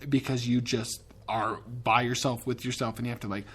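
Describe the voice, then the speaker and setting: A man's voice: medium pitch, fairly even intonation, a little fast, hardly any pauses, a bit bright. A man hosting a podcast in a casual, rambling and profane way, with enthusiastic tangents. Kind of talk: casual chat.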